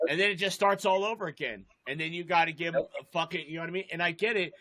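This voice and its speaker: A man's voice: fairly high pitch, racing, sharp tone, dry recording. A young man telling a rambling, swear-heavy story in casual chat as a podcast co-host.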